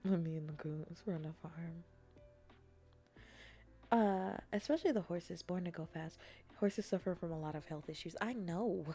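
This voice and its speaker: Woman rambling softly in a playful chat. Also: lowish voice, normal speed, pauses often, soft background music. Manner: rambling, playful, trailing into soft whispers. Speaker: streamer. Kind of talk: casual stream chat.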